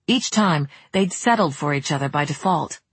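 An audiobook narrator reading a romance in a measured, even way, close to the mic. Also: mid-range voice, slightly rough, no room sound. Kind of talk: scripted narration.

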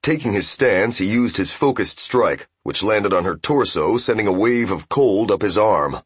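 A man narrating a fantasy game novel as an audiobook, in steady, even storytelling. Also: on the low side, normal speed, husky, no room sound.

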